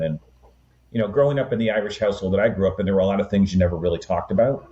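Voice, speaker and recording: A man in his sixties, a guest in an interview, tells his family story in a relaxed, rambling way with many "um"s and "you know"s. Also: low-pitched, very fast, dull audio. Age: 60s. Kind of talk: conversational storytelling.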